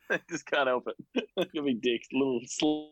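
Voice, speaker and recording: A man's voice: mid-range voice, moderate pace, dull audio. A man co-hosting a podcast, joking and laughing a lot, reacting with mock outrage. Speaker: podcast co-host. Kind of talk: casual chat.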